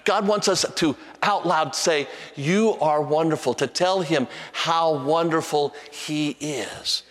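A man preaching a sermon as pastor, animated and repeating himself with restarts, at times singing a hymn softly. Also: on the high side, slow, big-room sound. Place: church sanctuary with long reverb.

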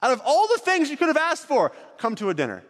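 A man's voice: very high-pitched, huge pitch swings, fast talker, fairly bright tone, big-room sound. A man leading a group through an acted-out Bible story, directing volunteers on stage as he narrates.

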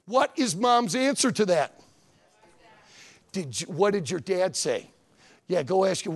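Animated, gravelly preacher. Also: male voice, high-pitched, a little slow. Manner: animated, folksy, conversational asides. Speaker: pastor. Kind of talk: sermon.

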